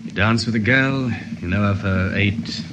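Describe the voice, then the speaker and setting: A man's voice: fairly low pitch, normal speed, lightly acted. An actor playing a wistful young male passenger in an old radio drama. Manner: quiet, wistful. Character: young man, wistful and lovesick. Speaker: ship passenger. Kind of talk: 1950s radio drama acting. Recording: dull lo-fi old radio recording, faint noise.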